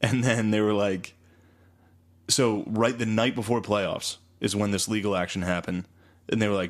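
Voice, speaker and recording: Low-voiced, laid-back male co-host. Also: steady tone, moderate pace. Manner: laid-back, short reactions, swears casually. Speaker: podcast co-host. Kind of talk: casual comedic chat.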